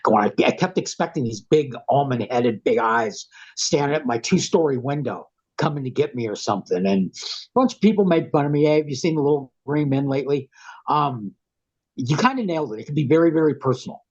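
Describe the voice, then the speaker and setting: A husky man with a head cold tells his story in a plain-spoken, rambling way. The recording sounds dull and lo-fi. His pitch sits in an ordinary middle range. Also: lively intonation, fairly quick. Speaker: guest. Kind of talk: casual storytelling.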